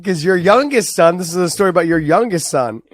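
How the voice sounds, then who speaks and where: A man co-hosting a podcast, chatting in a loose, excitable way with plenty of swearing. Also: sits high, a little fast, no echo. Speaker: podcast co-host. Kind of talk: casual chat.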